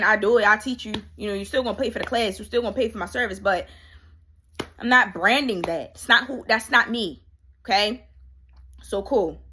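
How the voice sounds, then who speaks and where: Woman life coach with a sharp, bright voice and a candid, faith-driven coaching delivery. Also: mid-range voice. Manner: casual, emphatic, repeats key phrases for effect. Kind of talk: candid motivational monologue.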